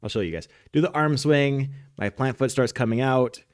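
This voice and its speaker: A man's voice: medium pitch, moderate pace, dry recording, studio quality. A man co-hosting a soccer podcast, explaining technique while demonstrating it in a casual, instructional way. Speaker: soccer coach and podcast co-host.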